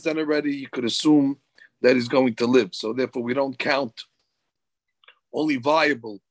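Rabbi guy teaching a torah class, gravelly husky voice, dry sound. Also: medium pitch, dry recording, poor audio. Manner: explains slowly, translating Hebrew verses into English.

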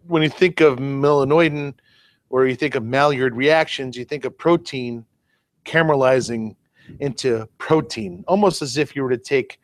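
A man co-hosting a relaxed podcast talks through ideas with homely comparisons and an easygoing, self-deprecating manner. His voice sits at a middling pitch for a man. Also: moderate pace, dry recording. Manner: explains with everyday comparisons, chatty and self-deprecating. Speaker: podcast co-host. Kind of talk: casual chat.

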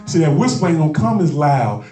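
High-voiced man preaching a fiery sermon. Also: sing-song, brisk, faint music behind. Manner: impassioned preaching with call-and-response and humor; bursts into shouting. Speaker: pastor. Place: church sanctuary with congregation. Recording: echoey room, mic at a distance.

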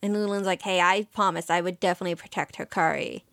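Chatty woman, smooth dry voice. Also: on the low side, fairly even intonation, fast talker, a bit bright, no room sound. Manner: chatty and emotional, with many fillers and quoted lines. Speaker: podcast co-host recapping an anime episode. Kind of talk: casual chat.

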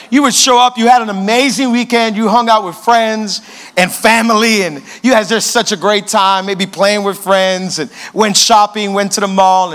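A young male pastor in his twenties, preaching with energetic storytelling and repeated questions to the crowd. His voice sits very high for a man and rings bright and forceful. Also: clean tone. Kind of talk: sermon.

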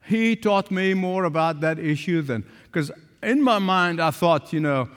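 A man's voice: on the high side, animated, measured pace, a bit bright. An older man preaching a sermon, emphatic, repeating phrases for stress. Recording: long hall reverb.

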